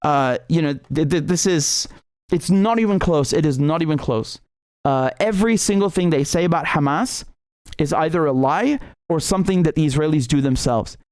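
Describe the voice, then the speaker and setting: A man's voice: a little high, normal speed, darkish tone, smooth, no echo, studio quality. Indignant man, sarcastic commentary. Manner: indignant, sarcastic, stammering restarts. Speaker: independent journalist and show host. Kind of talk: impassioned political commentary monologue.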